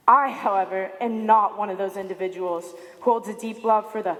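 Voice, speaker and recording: A woman in her late teens giving a prepared speech to an audience, telling a story with animated delivery and acting out quoted lines. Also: mid-range voice, a little fast. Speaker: student speaker. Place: large high school arena. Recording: echoey arena with long reverb.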